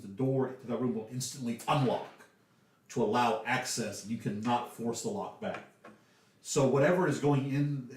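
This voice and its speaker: Southern man narrating as game master. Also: mid-range voice. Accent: Southern American. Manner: casual, chatty, filler-heavy narration. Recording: echoey room, distant mic.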